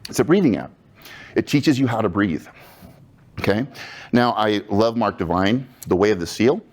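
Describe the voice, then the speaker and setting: Low-voiced man guiding group breathing. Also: animated, moderate pace, a little mellow. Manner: casual, chatty and upbeat, with asides to the audience. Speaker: breathing workshop leader. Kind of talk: guided breathing instruction to a live group. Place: room with about twenty-five people.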